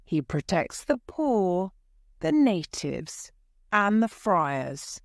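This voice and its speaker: A woman voicing a gentle, peace-loving rich nobleman in a storybook reading. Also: fairly low pitch, extremely slow, no room sound, clean studio sound, heavily acted. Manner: mild, calm. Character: gentle rich young nobleman, hates violence.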